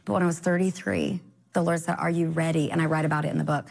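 A woman with a slightly low voice tells her faith story in an easy conversational way. She is earnest and encouraging, and her voice leaps high whenever she acts out what someone said. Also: quick pace, gravelly. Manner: animated, acts out quoted dialogue with sudden high pitch jumps. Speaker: guest. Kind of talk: casual faith testimony.

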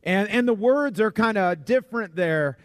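A man's voice: sits high, lively intonation, normal speed, no echo, clean studio sound. Folksy, conversational male preacher. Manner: conversational, repeats words, folksy humor. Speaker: pastor. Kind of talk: sermon.

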